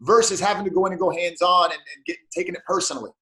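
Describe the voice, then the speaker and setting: A man, a police officer and martial arts black belt, telling animated stories in a casual interview and acting out the dialogue. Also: high-pitched, rapid-fire, reverberant.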